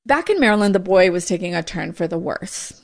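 A woman's voice: lowish voice, animated, vocal fry. Woman radio correspondent telling a story. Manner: measured storytelling delivery. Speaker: immigration correspondent. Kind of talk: radio news report.

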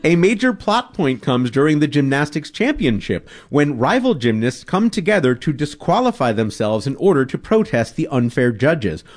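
Animated, playful male quiz host. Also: a little high, normal speed, few pauses. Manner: playful, reads questions and fun facts with laughs. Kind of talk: radio quiz hosting.

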